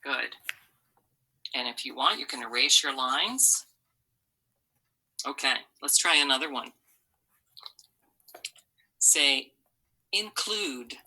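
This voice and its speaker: A woman teaching a recorded phonics lesson to young children, modeling words slowly syllable by syllable. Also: rumbling low, animated, pushed and bright, slightly rough, rough recording. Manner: slow, patient, syllable-by-syllable modeling. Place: online video lesson.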